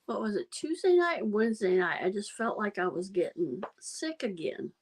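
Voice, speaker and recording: A woman hosting a casual livestream tells rambling stories to viewers and laughs often. Her mid-range voice swings widely in pitch with a breathy edge at a moderate pace, and the recording is rough.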